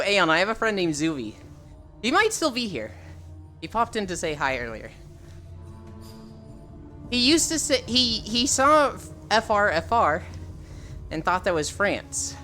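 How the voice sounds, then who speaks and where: Lively, teasing woman streamer over soft music. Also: low-pitched. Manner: chatty and teasing, reading chat aloud; animated storytelling with laughter. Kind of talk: casual live-stream chat.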